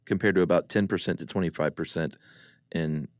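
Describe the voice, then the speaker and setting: A man's voice: low-pitched, fairly even intonation, a little fast, no echo, clean studio sound. A man, co-hosting a podcast in casual chat and telling rambling, jokey stories. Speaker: podcast co-host.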